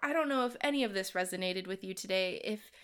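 A woman's voice: medium pitch, fast talker, fairly bright tone, clean tone. A woman hosting a faith podcast, talking in an earnest, encouraging way with casual fillers. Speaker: podcast host. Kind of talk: devotional podcast talk.

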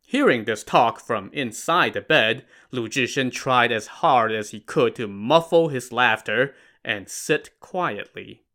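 A man's voice: mid-range voice, animated, slow, hardly any pauses, sharp tone. A man narrating a classic tale in a casual, wry style with modern slang. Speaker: storyteller.

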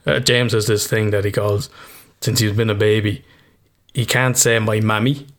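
A man's voice: lowish voice, little pitch movement, normal speed, fairly bright tone. An Irish man in casual chat as co-host, swearing freely and laughing often.

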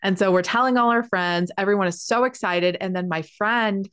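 A pregnant woman, telling a personal story in a chatty, animated way, with a lot of "like" and casual swearing. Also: medium pitch, normal speed, clean tone, no echo, studio quality. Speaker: spiritual healer sharing a personal story.

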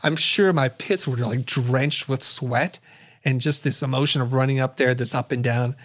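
A middle-aged man, a guest in an interview, telling a story in an animated way and acting out the lines of the people in it. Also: mid-range voice, normal speed. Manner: vivid storyteller who acts out quoted dialogue.

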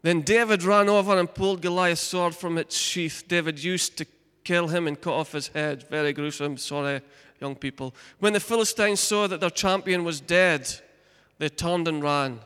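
A male pastor preaching a sermon, reading scripture and telling the story with lively asides to the congregation. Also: on the high side, moderate pace, smooth, in a large hall.

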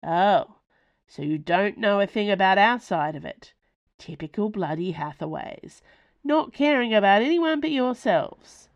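A woman's voice: sits low, steady tone, unhurried, gravelly, no room sound, dull audio. A woman voicing a bitter, furious working-class woman who is scornful and hostile in a storybook reading. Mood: angry, scornful.

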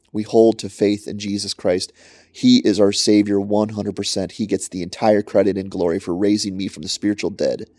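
A man's voice: on the low side, darkish tone, no room sound. A man preaching a short podcast sermon into a close mic, emphatic and repeating his points for stress. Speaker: pastor.

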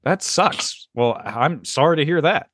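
A man's voice: fairly high pitch, expressive, a little slow, a bit bright, no room sound, clean studio sound. A man hosting a podcast over a video call, joking around, laughing often and firing off questions. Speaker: podcast host. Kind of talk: casual chat.

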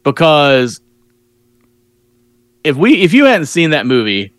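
A man's voice: on the high side, big pitch swings, takes it slowly, fairly bright tone, no room sound. A man co-hosting a casual podcast, wryly summing up a film's plot with frequent laughs. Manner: wry, laughs often, sums things up incredulously. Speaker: podcast co-host. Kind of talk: casual movie review chat.

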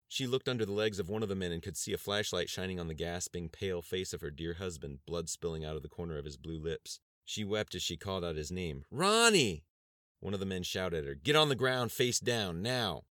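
A man narrating an audiobook chapter in a steady, measured reading style. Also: low-pitched, no room sound, clean studio sound. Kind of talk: scripted narration.

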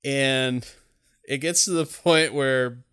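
A man casually recapping a film in a rambling, profane, animated way. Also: mid-range voice, slow pace, clear, resonant tone.

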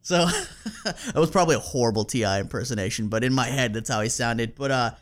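A man hosts a podcast and tells a story loosely and casually, laughing often, swearing easily and leaning on fillers. He talks fast, his voice at a middle pitch.

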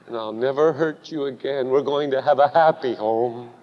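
A man's voice: mid-range voice, moderate pace, pitched below the performer's own voice, lightly acted. A man acting out a repentant father pleading with his wife in an emotional voice. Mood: tender. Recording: dull recording with long hall reverb.

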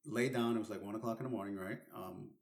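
A man's voice: lowish voice, quick pace, creaky. A man co-hosting a casual chat, teasing his partner with dry humor and frequent laughter.

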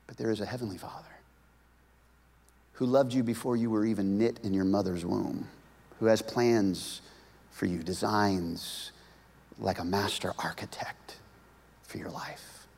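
Man, pastor, sermon, hushed to forceful swings, repeats words, long hall reverb. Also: on the low side, steady tone, a little slow, vocal fry, long pauses, husky. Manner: dynamic delivery, swinging from hushed whispers to loud emphatic bursts; repeats words and restarts phrases.

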